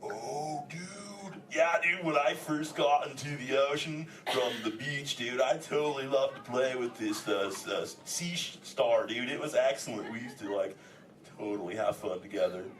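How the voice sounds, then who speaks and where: A man's voice: mid-range voice, normal speed, recorded from a distance, lightly acted. An actor playing a laid-back male sea turtle who talks like a surfer dude, chatting with the audience in a live theme park show. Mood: laid-back, goofy. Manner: surfer slang, says "dude" constantly. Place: indoor theater with audience. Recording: echoey theater taped from the audience, crowd noise.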